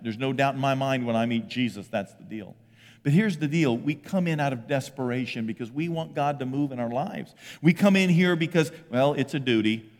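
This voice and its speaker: A middle-aged man preaching a lively sermon as pastor, often breaking into loud acted voices. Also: a little high, big-room sound. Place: church sanctuary.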